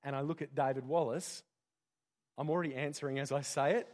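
A pastor giving a conversational sermon full of rhetorical questions. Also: male voice, fairly high pitch, fairly even intonation, a little fast, a little mellow.

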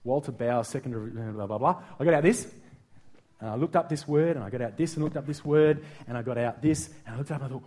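A middle-aged man with an Australian accent preaching a sermon, playful and lively, speaking directly to the congregation. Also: mid-range voice, fast. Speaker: pastor.

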